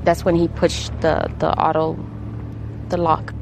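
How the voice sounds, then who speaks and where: A woman giving an interview about her own experience, speaking haltingly, repeating words and close to tears. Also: low voice, monotone, gravelly, background noise. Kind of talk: emotional personal testimony.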